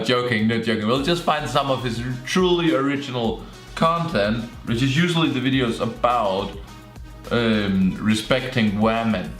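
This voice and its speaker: A young YouTuber with a mid-range voice reacts to videos in casual commentary, joking and sarcastic with excitable outbursts. He's in an echoey room with faint music in the background.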